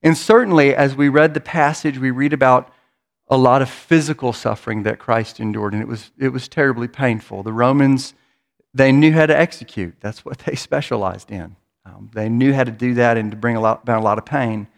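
A man's voice: mid-range voice, fairly quick, creaky. A man preaching a sermon in a church, in an earnest manner, often repeating words as he builds toward a point. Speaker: pastor.

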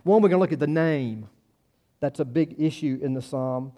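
A man's voice: a little high, moderate pace, dark tone. A man in his sixties preaching a sermon in a folksy, conversational way, repeating words and telling personal stories. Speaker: pastor.

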